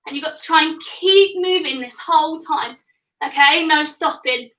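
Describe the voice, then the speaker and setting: A woman's voice: high-pitched, moderate pace, sharp tone, reverberant, distant mic, rough recording. A young woman coaching a live home workout for children, upbeat and encouraging as she counts reps and gets a little out of breath. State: getting out of breath. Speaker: kids fitness coach. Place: home room.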